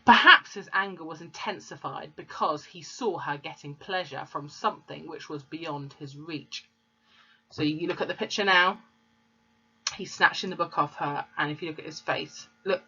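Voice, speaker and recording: A woman reads a storybook to children, stopping to explain pictures and words. Her voice is lowish, bright and husky. The recording is dull and lo-fi. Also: normal speed. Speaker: teacher reading aloud.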